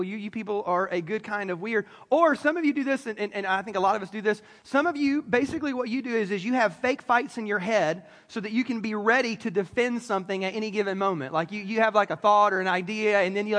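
Pastor guy, joking around with the crowd, pretty high voice, long church reverb. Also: fast talker, hardly any pauses, fairly bright tone. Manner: joking, talks straight to the congregation. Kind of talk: sermon. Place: church sanctuary.

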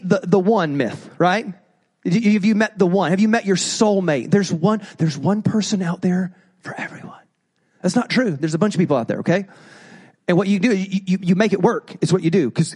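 Casting note: male pastor with a high voice, animated sermon delivery, slips into quoted voices.

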